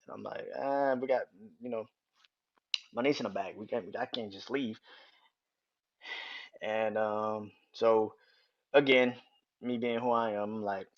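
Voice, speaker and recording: Man, low voice, casual podcast storytelling, rambling and repetitive, lots of swearing, dull lo-fi sound. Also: fairly even intonation, unhurried, long pauses. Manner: rambling, repetitive, swears freely, chuckles often. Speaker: podcast host.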